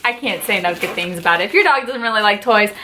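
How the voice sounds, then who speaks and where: A woman's voice: mid-range voice, lively intonation, fast talker, sharp tone, a little hiss or hum. Gushing, chatty woman vlogger. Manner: gushing, chatty, lots of "like" and "just". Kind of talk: casual haul and unboxing vlog.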